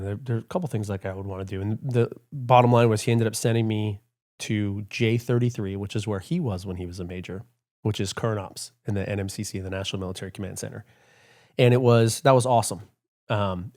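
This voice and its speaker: A middle-aged man with a fairly low voice tells war-office stories in a loose, chatty interview. He talks with lots of "like" and "you know," slipping into quoted lines of the people in his stories. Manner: animated storyteller, many fillers, acts out quotes. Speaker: retired Air Force colonel, podcast guest. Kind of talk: casual storytelling interview.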